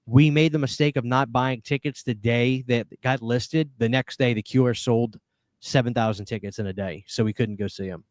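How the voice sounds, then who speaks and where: Chatty male live-stream host, smooth voice. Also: mid-range voice, steady tone, moderate pace, no room sound. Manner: chatty, reads viewer comments aloud, laughs easily. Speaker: podcast host. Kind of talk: casual live-stream chat.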